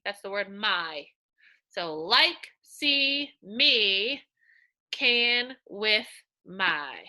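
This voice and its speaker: A woman teacher giving a slow, coaxing reading lesson to young children, sounding out words in a sing-song way. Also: medium pitch, expressive, bright, forceful tone.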